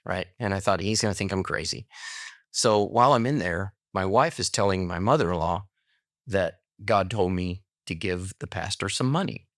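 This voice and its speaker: This is a low-voiced, middle-aged man at a moderate pace, recorded dry in studio quality. As a guest on a podcast, he tells a personal anecdote in a relaxed way, acting out what people said.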